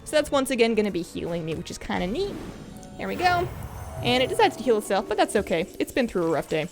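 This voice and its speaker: A woman's voice: very fast, over music. A woman giving casual, upbeat commentary over her own card game play, talking the viewer through each move in a chatty, friendly manner. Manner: chatty, upbeat, lively pitch swings. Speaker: gameplay commentator.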